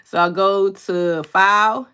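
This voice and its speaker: A woman teaching a crafting tutorial in a casual, fast-talking way, often checking in with the viewer by asking "okay?" as she walks through each step from her home craft workspace. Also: mid-range voice, steady tone, bright, forceful tone, clean tone. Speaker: crafting instructor. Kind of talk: casual screen-share tutorial.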